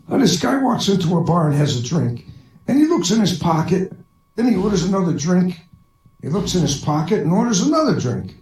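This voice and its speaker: A man's voice: high voice, very animated, brisk, darkish tone, faint music behind. A man telling one bar joke after another as a stand-up comedian, laughing at his own jokes. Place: online voice chat room. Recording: echoey room from far off.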